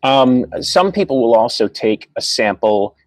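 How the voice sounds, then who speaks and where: A man who narrates audiobooks, explaining his craft in a measured way on a podcast. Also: medium pitch, expressive, no echo, poor audio. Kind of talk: casual podcast chat.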